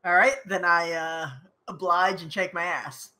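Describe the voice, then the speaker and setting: A woman's voice: fairly low pitch, steady tone, measured pace, bright, forceful tone. A woman playing a tabletop game with friends, joking and bantering as she declares her moves. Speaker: player.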